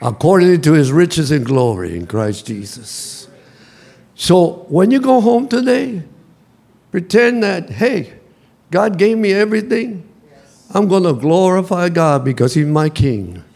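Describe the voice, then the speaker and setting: A male pastor preaching a sermon in a church, calling the congregation to repeat after him and building to shouts. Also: high voice, animated, unhurried, gravelly. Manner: call-and-response preaching, rising to shouts. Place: church sanctuary.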